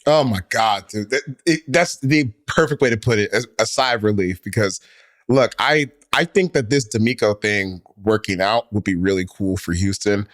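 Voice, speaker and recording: This man co-hosts a sports podcast in a fairly low, fairly bright voice at normal speed, captured in a dry, clean studio recording. His talk is casual and meandering, packed with fillers and false starts.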